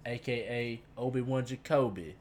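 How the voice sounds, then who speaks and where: A man's voice: medium pitch, normal speed, a loud crowd. A man hosting a casual podcast, joking around and rattling off nicknames for his co-hosts. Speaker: podcast host.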